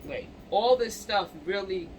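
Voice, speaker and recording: A man hosting a channel, reading a news story aloud haltingly with stumbles and restarts, breaking off for casual comments to viewers while coughing and clearing his throat. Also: high voice, pushed and bright, slight background noise, poor audio.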